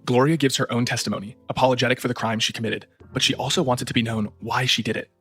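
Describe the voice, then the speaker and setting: A man hosting a true-crime podcast, narrating in a brisk, scripted way. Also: mid-range voice, steady tone, a bit bright, soft background music.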